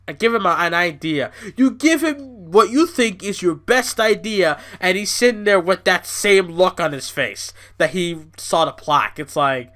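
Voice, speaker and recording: A man hosting a podcast who rants in a loose, rambling way, swearing often and leaning on "you know." His voice sits high and sounds bright and sharp. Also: unhurried, few pauses. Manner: rambling, profane, excitable, fillers like "you know". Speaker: podcast host. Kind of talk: casual ranting commentary.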